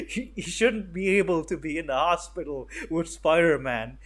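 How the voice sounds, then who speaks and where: A man's voice: on the high side, expressive, normal speed, hardly any pauses, a bit bright. A young man giving a casual, rambling movie review, swearing often and full of fillers and restarts. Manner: rambling, profane, sarcastic, lots of fillers and restarts.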